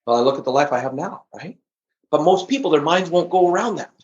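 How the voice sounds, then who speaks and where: High-energy, emphatic male guest. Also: expressive, fast talker. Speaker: podcast guest, trainer. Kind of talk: interview conversation. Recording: echoey, dull lo-fi audio.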